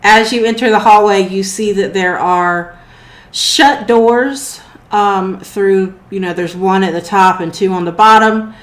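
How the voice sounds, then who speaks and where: A woman narrates as game master, laying out scenes at an easy pace with small fillers. Her voice sits at an ordinary pitch, and the room around her rings a little. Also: measured pace, reverberant. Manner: relaxed, descriptive, with fillers.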